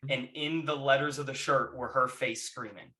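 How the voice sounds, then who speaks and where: A man chatting casually on a podcast, telling stories with lively energy and shouting out the lines he quotes. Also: medium pitch, moderate pace. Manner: animated storyteller who shouts out quoted lines. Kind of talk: casual chat, reminiscing.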